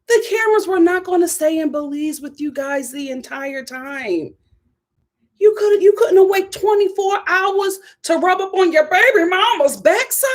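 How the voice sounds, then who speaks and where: Sassy high-voiced woman reviewer. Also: expressive, takes it slowly. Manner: sassy, emphatic, laughing asides. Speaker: reality TV reviewer. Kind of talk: casual video commentary.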